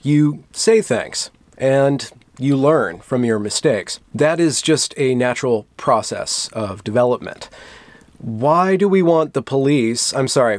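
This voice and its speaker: A man's voice: medium pitch, no echo. A man giving sarcastic commentary, reading news text aloud and adding dry, sardonic asides. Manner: dry, sardonic asides between read-out quotes. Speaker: commentary vlogger.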